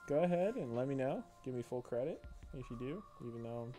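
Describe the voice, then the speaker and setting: A man's voice: mid-range voice, expressive, fairly quick, over music. A man hosting a live drawing stream, chatting casually and laughing often. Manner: jokey, laughs often, puts on silly voices. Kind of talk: casual chat while drawing.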